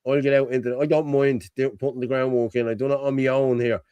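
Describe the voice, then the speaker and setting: A man's voice: medium pitch, flat delivery, quick pace, dark tone, smooth, no echo, muffled recording. A middle-aged man hosting a live stream chat, rambling and swearing, with a constant "you know what I mean". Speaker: host.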